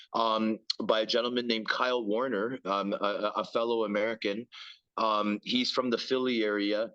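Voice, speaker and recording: A man's voice: medium pitch, a bit bright. Rambling man with dull lo-fi sound. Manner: rambling, repeats words, many fillers. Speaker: guest, former pro hockey player. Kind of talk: casual interview chat.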